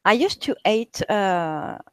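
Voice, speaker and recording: Woman guest, hesitant and halting in casual chat; dry close mic. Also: medium pitch, animated, clear, resonant tone, no echo. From France. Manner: halting, many restarts and fillers.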